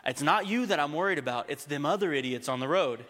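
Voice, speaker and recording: A preacher doing a drawling Texan dad. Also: male voice, fairly high pitch, lively intonation, fast talker, a bit bright, long reverb tail, pitched below the performer's own voice. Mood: fatherly warning. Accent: Texas. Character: older Texan father giving stern warnings.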